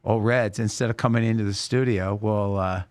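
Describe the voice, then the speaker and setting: A man hosting a podcast, a musician telling an animated, slangy story in casual chat. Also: lowish voice, moderate pace, no room sound, clean studio sound.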